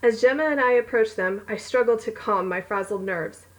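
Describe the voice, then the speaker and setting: Reading her romance novel aloud at home, this author has a high-ish voice at normal speed and keeps breaking off to giggle, ramble and tease herself. It's a relaxed read-along with poor audio.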